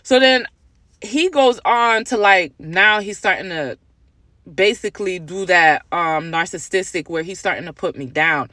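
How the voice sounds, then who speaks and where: Bright-voiced mother telling a story. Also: lowish voice, moderate pace, no echo, studio quality. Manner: animated, laughing, exasperated. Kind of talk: storytime vlog.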